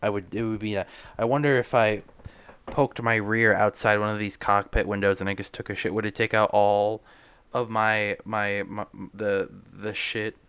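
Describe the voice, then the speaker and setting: Low, smooth-voiced man rambling comedically. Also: level tone, normal speed, fairly bright tone. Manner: rambling, stammering, crude. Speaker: podcast host. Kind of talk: comedic in-character monologue.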